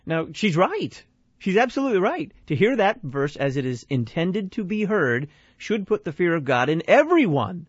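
A man's voice: high voice, sing-song, normal speed, breathy edge, no room sound, lo-fi sound. A male radio host giving analytical commentary, posing questions and answering them himself.

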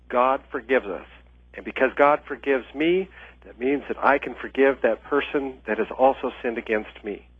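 A man's voice: medium pitch, breathy edge, no echo. Earnest male interview guest on a tinny phone line. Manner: earnest, explanatory, with frequent uh fillers. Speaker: author and ministry leadership trainer.

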